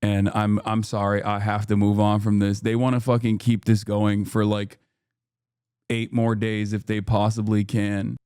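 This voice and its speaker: A man's voice: fairly low pitch, monotone, a little slow, darkish tone, smooth, no echo, studio quality. Heated, profane male streamer ranting. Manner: heated, profane, rambling rant; reads chat messages aloud and answers. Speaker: livestreamer. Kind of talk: casual reactive stream commentary.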